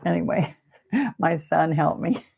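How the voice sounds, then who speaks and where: A woman's voice: sits low, animated, takes it slowly, creaky, a little mellow, slightly rough. A woman teaching a live painting demonstration, chatty and rambling, openly emotional and talking about faith. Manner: speaks of faith and blessings.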